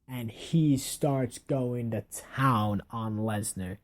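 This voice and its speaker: A man casually narrating a wrestling match play by play in an offhand way, correcting himself as he goes. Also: medium pitch. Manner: unhurried, offhand storytelling with self-corrections. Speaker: wrestling fan recapping an imagined match.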